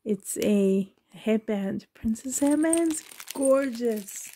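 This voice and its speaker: Speaking extremely slowly in a mellow, expressive voice on the high side, a woman opens a package for her vlog. She collects reborn dolls and hosts the channel, gasping in delight, slipping into whispers, and nearly crying with emotion.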